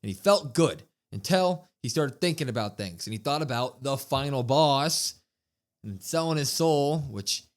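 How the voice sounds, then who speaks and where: A man co-hosting a wrestling podcast, retelling a show in a casual, animated way and acting out the quotes. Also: medium pitch, a little slow. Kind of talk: casual recap chat.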